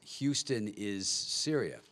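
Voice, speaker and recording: A man directing a film, answering press questions in a relaxed, wry, understated way at a table microphone. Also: on the low side, slow pace, a little hiss or hum. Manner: wry, dry understatement with small laughs. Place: press conference hall.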